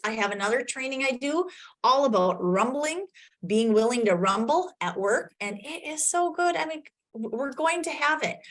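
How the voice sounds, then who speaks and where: This is a woman coach leading a virtual conference session. She tells client stories with energy and acts out their lines, her voice sitting a little high. The sound is that of a video call mic. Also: a bit bright.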